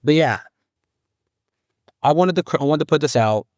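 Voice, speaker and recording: A man hosting a solo podcast, talking haltingly and rambling as he grieves a close friend. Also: on the high side, lively intonation, dry recording. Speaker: podcast host.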